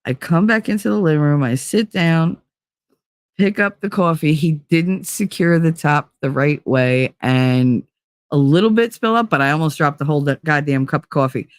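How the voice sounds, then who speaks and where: Hosting her stream, a woman whose voice sits low recounts a story at normal speed in a dry recording. She's animated and casual, curses freely, and performs other people's quotes as she goes.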